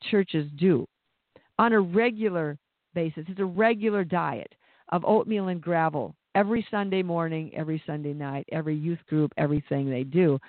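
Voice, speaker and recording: A man's voice: on the high side, moderate pace, no room sound. A man preaching an impassioned sermon, often repeating words as he builds up. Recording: dry, phone-like narrow sound.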